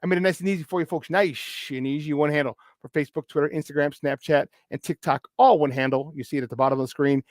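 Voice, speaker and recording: Man, sports talk host, high voice, dry studio sound, hyped and playful. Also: fairly even intonation, fast talker, hardly any pauses, no echo. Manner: hyped, playful, shouting out listeners. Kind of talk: morning sports talk show.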